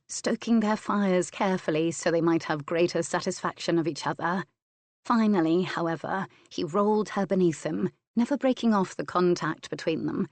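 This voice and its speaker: Low, dry-voiced woman narrating an audiobook. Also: a little mellow, no echo. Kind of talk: scripted narration of a historical romance.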